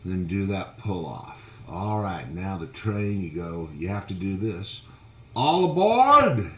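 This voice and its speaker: A man giving a relaxed harmonica lesson, explaining technique patiently between demonstrations. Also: low voice, noisy background. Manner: slow, patient explaining, breaks into loud sung calls. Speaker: harmonica teacher. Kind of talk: relaxed instructional talk with demonstrations. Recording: echoey room with loud harmonica playing.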